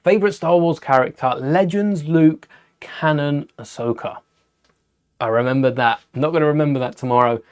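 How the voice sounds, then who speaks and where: A British man with a fairly high voice hosts a live Lego stream. He chats in a relaxed, offhand way, musing aloud as he builds. He breaks off now and then to answer viewers' questions. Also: normal speed, clean tone. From United Kingdom. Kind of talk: casual live-stream chat.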